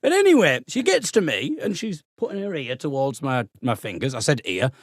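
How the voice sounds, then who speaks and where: Animated man with a lively voice. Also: medium pitch, a little fast, dry recording, clean studio sound. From Middlesbrough, England. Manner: animated, self-mocking, rambling asides. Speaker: comedian and folk singer, guest. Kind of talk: comic storytelling on a podcast.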